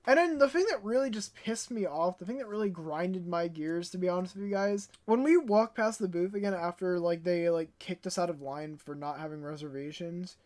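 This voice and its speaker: A woman's voice: lowish voice, brisk, hardly any pauses. Young woman vlogger ranting casually. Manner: animated storytelling, stutters when upset.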